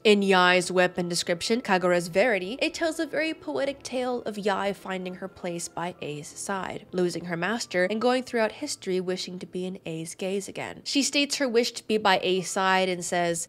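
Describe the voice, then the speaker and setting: A woman hosting a video essay, reading her script calmly and now and then breaking into loud joking outbursts. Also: medium pitch, normal speed, few pauses.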